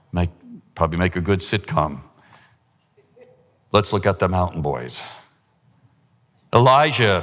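A man preaching a sermon in a church, impassioned, rising to a higher pitch at his climaxes. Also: a bit bright. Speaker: pastor. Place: church sanctuary. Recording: long hall reverb.

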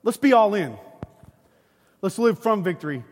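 In a big hall with long, echoing reverb, a middle-aged male pastor delivers a sermon to his congregation at a moderate pace. His voice is unusually high, and he breaks into spirited, conversational stories.

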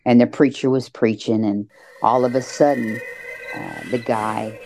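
A woman telling a personal story as a guest storyteller, in a halting casual way with frequent restarts and fillers. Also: a bass voice, steady tone, creaky, mellow, faint music behind, poor audio. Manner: halting, with many restarts and "you know"s.

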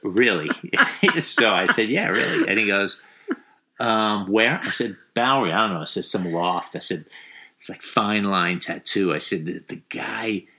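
A man's voice: on the low side, a little slow, bright, forceful tone. Rambling, cursing man telling a tale. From New York area. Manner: rambling, profane, full of fillers. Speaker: guest telling a story. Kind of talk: casual storytelling.

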